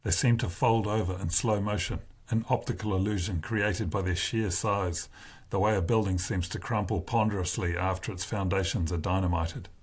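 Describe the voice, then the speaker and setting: Low husky guy narrating a story, slow and deliberate. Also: steady tone. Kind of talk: first-person novel reading.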